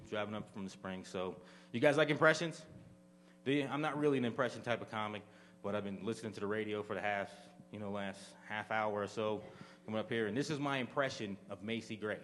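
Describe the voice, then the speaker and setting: A man's voice: on the low side, a bit bright, slight background noise. A young man doing a live stand-up set, chatting loosely with the audience and throwing questions at them. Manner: loose, conversational crowd work, asks the audience questions. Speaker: stand-up comedian. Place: small live venue with audience.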